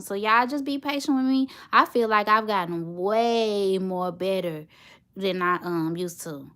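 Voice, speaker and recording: A woman's voice: mid-range voice, moderate pace, a bit bright. Tired, rambling woman vlogger chatting. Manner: rambling, chatty, talks straight to her viewers. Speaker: vlogger and mother. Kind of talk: casual chat to viewers.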